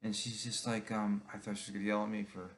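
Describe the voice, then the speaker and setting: A man's voice: lowish voice, level tone, quick pace. A middle-aged man from New Jersey telling his own story in a candid, confessional monologue.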